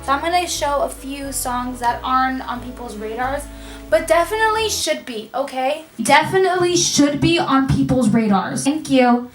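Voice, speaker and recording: A woman's voice: high-pitched, lively intonation, normal speed, distant mic. A young woman vlogging casually while wrapping gifts, rambling and self-mocking and easily sidetracked, recorded on a camera mic in a room at home. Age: young adult. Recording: echoey room, voice off-mic, music behind.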